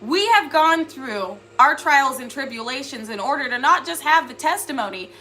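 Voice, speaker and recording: High, bright-voiced woman giving a spiritual reading. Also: animated, moderate pace, slight background noise. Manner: earnest, rambling, many "like" fillers. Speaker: spiritual reader. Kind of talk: casual spiritual monologue to viewers.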